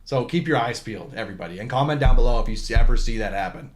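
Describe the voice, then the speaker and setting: A man's voice: medium pitch, lively intonation, racing, slight background noise. A man hosting a volleyball talk podcast in casual chat, joking and rambling with frequent restarts. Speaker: podcast host.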